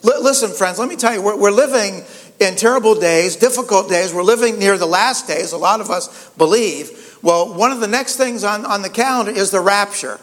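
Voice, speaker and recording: A man's voice: high voice, moderate pace, a bit bright, long reverb tail. A pastor preaching a conversational sermon, often repeating words and saying "you know" as he goes.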